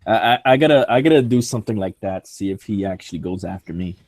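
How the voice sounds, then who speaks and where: A man's voice: deep voice, lively intonation, quick pace, a little mellow, dry recording, clean studio sound. A man in a casual group podcast chat who jokes crudely and stumbles over restarts. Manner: joking, crude, stammering restarts. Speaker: podcast panelist.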